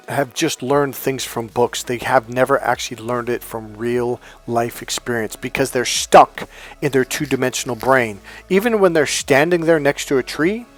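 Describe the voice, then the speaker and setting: A middle-aged man coaching in a spontaneous, emphatic monologue, acting out the dialogue in his stories. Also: medium pitch. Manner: emphatic, storytelling, acts out quoted dialogue. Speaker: self-help coach.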